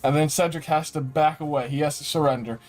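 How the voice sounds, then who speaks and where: A man's voice: a little high, fairly even intonation, quick pace, darkish tone, soft background music. A man casually recapping a video game in a slangy, rambling way, sounding like he has a cold. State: sick with a cold. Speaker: game reviewer.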